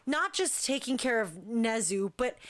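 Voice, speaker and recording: A young woman hosts a casual talk show with a fairly high voice. She gushes as she talks and jumps up in pitch for emphasis. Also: expressive, a little slow. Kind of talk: casual chat.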